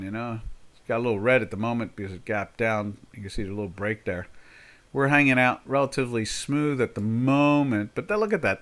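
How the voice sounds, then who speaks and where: A man's voice: lowish voice, fairly bright tone. An older man hosting a live trading stream, chatting casually and thinking aloud as he works. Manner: chatty, thinking aloud while fixing settings. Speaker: trading show host.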